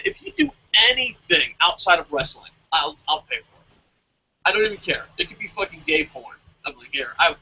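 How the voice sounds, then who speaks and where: Profane, ranting man with a bright tone. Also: extremely high pitch, slightly rough, poor audio. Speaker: podcast co-host. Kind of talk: casual wrestling podcast chat.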